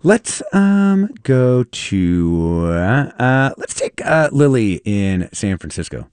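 A man's voice: mid-range voice, big pitch swings, takes it slowly, darkish tone, clear, resonant tone, no room sound. A man hosting a radio call-in show, talking loosely with many fillers and laughing along with his guest. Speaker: radio host.

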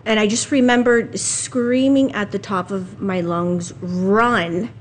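Slow-speaking woman recalling her experience. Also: medium pitch, steady tone, slight background noise. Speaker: interviewee. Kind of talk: recounting a personal experience.

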